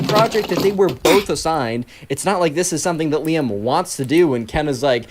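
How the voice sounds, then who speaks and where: A man's voice: a little high, animated, brisk, hardly any pauses, heavy background noise. A man telling a story in a casual, rambling way, full of filler words, while he plays a game. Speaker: gaming channel host.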